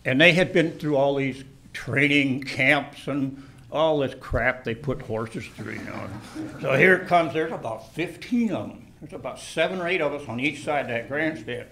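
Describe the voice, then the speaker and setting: An older man telling a personal anecdote in an animated way, laughing and shouting at the exciting moments. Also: medium pitch, normal speed, gravelly, a little hiss or hum. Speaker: storyteller.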